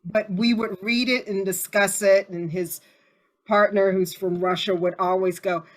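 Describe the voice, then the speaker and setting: A woman hosting a casual group discussion, chatty and animated as she tells stories. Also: medium pitch, a little slow.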